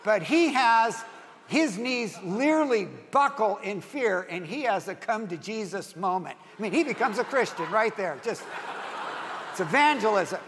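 A man's voice: high voice, expressive, normal speed, fairly bright tone, in a large hall, a little hiss or hum. A man in his sixties preaching a sermon, telling a long personal story in a rambling, self-interrupting way and laughing at his own tale. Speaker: pastor.

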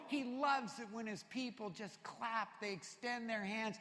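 A man preaching a sermon to a congregation, energetic and shouting at his peaks, then dropping low and soft. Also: a little slow. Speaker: pastor. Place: large church hall with congregation. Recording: reverberant church hall.

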